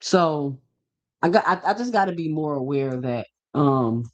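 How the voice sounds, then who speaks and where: A man's voice: on the high side, lively intonation, moderate pace. A man hosting a boxing show, ranting casually and emphatically to camera, firing off rhetorical questions and repeating himself. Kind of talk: casual opinion rant to camera.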